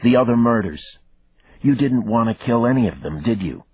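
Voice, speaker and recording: A man's voice: medium pitch, expressive, normal speed, husky, dry recording, pitched above the performer's own voice. A man voicing an arrogant, unhinged male killer who mocks and wails, in a dull, dry recording. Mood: taunting. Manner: mocking, then wailing.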